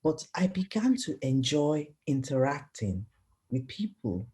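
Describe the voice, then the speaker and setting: A middle-aged woman tells her personal story in an interview. Her voice sits on the low side, but her intonation swings widely as she acts out the people she quotes. She keeps the telling expressive and animated throughout. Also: a little slow. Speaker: interview guest. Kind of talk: personal testimony in conversation.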